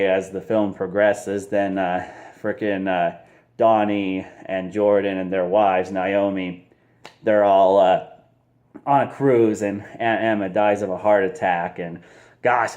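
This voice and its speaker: A man's voice: fairly low pitch, a little mellow. A man casually reviewing a movie, rambling with lots of fillers and frequent laughs.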